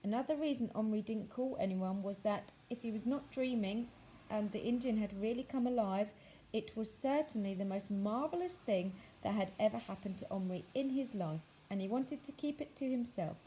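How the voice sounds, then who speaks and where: A woman teacher reading a children's novel aloud, with expressive, measured storytelling that slows for dramatic phrases. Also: mid-range voice, a little hiss or hum, poor audio.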